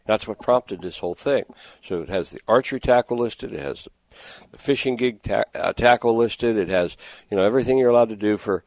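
Male radio host, middle-aged, low voice, dry studio sound, chatty rambler. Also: a little fast, a little mellow, dry recording. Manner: rambling, exasperated storytelling. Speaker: radio fishing show host. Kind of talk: casual radio talk. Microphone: studio microphone with headphones.

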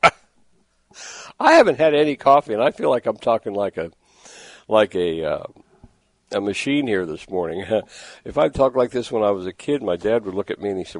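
Rambling radio host, low voice. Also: male voice, no room sound. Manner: rambling, exasperated storytelling. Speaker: radio fishing show host. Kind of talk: casual radio talk. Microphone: studio microphone with headphones.

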